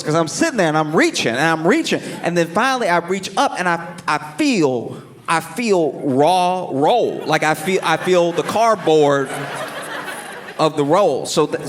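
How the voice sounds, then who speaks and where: A male stand-up comedian telling a story on a club stage and acting out his own inner voice. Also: fairly high pitch. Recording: live club recording with audience noise.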